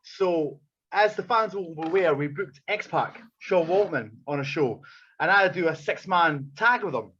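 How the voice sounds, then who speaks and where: A man's voice: fairly high pitch, measured pace, muffled recording, slight background noise. Man swearing through a wrestling story. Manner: profane, animated storyteller acting out quotes. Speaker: wrestler and podcast regular. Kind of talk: casual storytelling chat.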